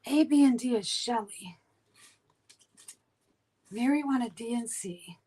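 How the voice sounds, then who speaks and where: Slow, husky woman hosting a live sale. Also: a little high, dark tone, rough recording. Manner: chatty, counting items and names aloud. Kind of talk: casual live-stream selling.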